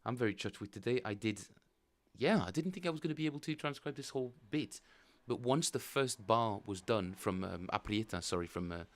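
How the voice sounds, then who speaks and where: A man chatting casually with viewers while streaming his bass practice, rambling and thinking aloud. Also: animated, brisk, no room sound. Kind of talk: casual livestream chat.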